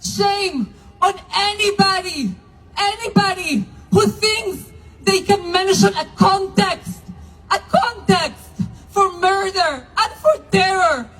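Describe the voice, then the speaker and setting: A woman's voice: very high voice, slow, fairly bright tone, faint music behind, rough recording. A woman from Argentina, a religious leader giving a fiery, declamatory protest speech at an outdoor rally, hammering repeated refrains.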